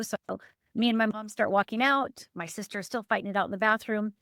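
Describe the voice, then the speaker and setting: Speaking a little fast in a steady, slightly bright, clean voice, a middle-aged life coach from Upper Michigan, USA, earnestly and emphatically relates a painful chapter of her life as a podcast guest, her pitch suddenly lifting and dropping. The studio-quality recording has no echo.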